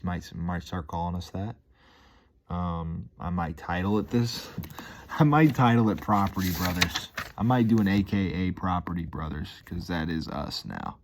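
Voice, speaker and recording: A man's voice: deep voice, a little mellow. A man rambling casually in a vlog, upbeat and easily hyped, dropping "dude" and "man" into almost every line. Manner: laid-back, peppers talk with "dude" and "man". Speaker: vlogger.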